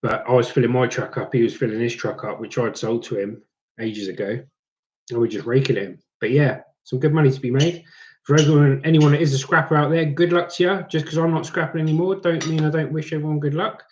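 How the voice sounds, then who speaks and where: A man's voice: medium pitch, steady tone, fast, a little mellow. Chatty man on a lo-fi stream. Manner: chatty storyteller, slips into mock accents. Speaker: livestream host reading chat. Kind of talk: casual chat.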